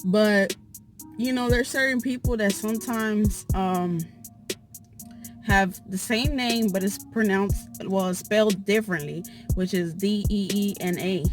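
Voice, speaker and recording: A woman's voice: mid-range voice, unhurried, soft background music. Chatty, exasperated woman vlogging from a car. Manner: chatty and exasperated, with many fillers. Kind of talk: casual storytelling to camera. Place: inside a car.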